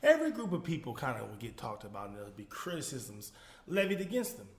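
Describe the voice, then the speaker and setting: A man hosting a casual solo commentary show, animated, laughing often and talking straight to his viewers. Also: medium pitch, fast talker, echoey room. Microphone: phone.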